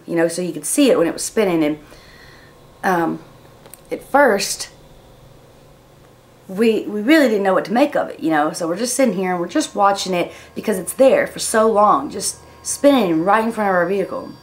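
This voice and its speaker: A woman's voice: fairly low pitch, animated, normal speed. A woman telling a personal story to camera in a chatty, hesitant way, with many fillers and restarts. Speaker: vlogger.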